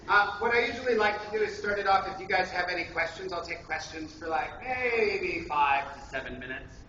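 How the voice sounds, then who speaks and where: A man's voice: high voice, expressive, moderate pace, pushed and bright. Joking man in an echoey convention room. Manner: joking, self-deprecating, rambling. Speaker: voice actor leading an acting workshop. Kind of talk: casual convention workshop talk. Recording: echoey, dull, noisy convention room from far off.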